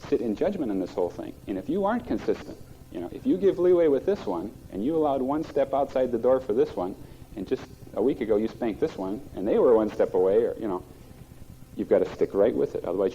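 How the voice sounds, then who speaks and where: Pastor with a dark, muffled voice. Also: male voice, lowish voice. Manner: plainspoken, folksy, practical. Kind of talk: sermon. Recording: muffled old cassette recording.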